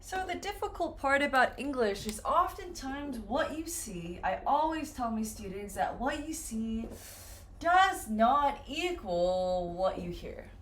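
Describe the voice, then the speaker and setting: A woman teaches English pronunciation in a bright, higher voice, her pitch rising and falling a lot. She talks slowly and says example words with care. A faint hiss sits behind her. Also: big pitch swings. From United States. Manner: slow, clearly modeled example words. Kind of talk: classroom lesson on pronunciation.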